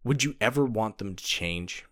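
A man co-hosting a casual chat, lively and quick to laugh at his own jokes. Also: on the low side.

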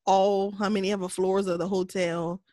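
A woman co-hosting a podcast in casual chat, candid and laughing often, sometimes dropping to a soft voice. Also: medium pitch, level tone, moderate pace, dry recording. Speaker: podcast co-host.

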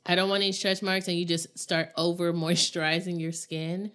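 A woman's voice: fairly low pitch, level tone, moderate pace, a bit bright, clear, resonant tone. A pregnant woman co-hosting a podcast with her sister, talking casually and rambling with frequent laughs. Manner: chatty, rambling, laughs often. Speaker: podcast co-host.

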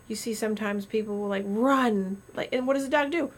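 Animated woman doctor, slightly high voice. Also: quick pace. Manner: animated storyteller, uses metaphors, restarts. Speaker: doctor co-host. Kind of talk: casual podcast chat.

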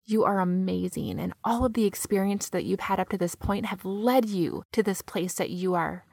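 A woman voicing a warm, blunt female inner friend who frankly reassures the listener. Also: medium pitch, moderate pace, gravelly, no room sound, studio quality. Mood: reassuring.

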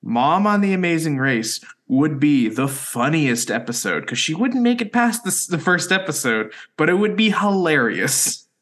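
A young man co-hosting a podcast, trading joking, deadpan jabs in casual chat. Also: a little high, normal speed, hardly any pauses. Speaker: podcast co-host.

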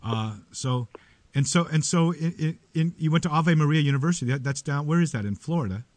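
A man's voice: fairly high pitch, lively intonation, brisk, a little mellow, no room sound. A man hosting a radio interview, asking questions in a wry, joking way. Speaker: radio show host. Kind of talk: casual interview chat. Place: broadcasting from a beach town studio.

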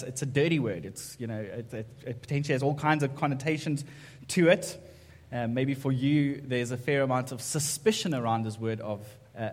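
Conversational preacher in a reverberant church. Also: male voice, medium pitch. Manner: conversational, frequent "right?" and "okay?" check-ins. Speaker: pastor. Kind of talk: sermon.

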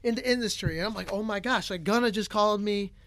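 A man co-hosting a casual podcast, telling a story in an animated way with many fillers. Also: high-pitched, fast talker. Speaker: podcast co-host.

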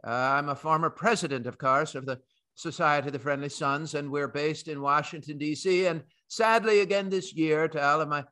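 A podcast host putting on a light Irish brogue in a playful, folksy greeting. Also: male voice, a little high, fairly even intonation, normal speed, pushed and bright. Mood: jovial.

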